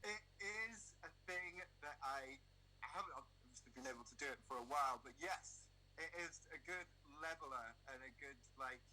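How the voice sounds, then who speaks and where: Cheerful laid-back man, very bright tone. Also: medium pitch, moderate pace, slight background noise, low-quality recording. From United Kingdom. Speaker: interview guest, DJ and producer. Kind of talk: casual chat.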